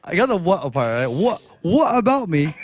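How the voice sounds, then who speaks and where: Here is an American man doing a put-on British accent in a playful spirit. The voice sits high and swoops about with lively pitch, and the sound is dry and close. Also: moderate pace, dry recording. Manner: playful, laughing through the lines. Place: radio studio.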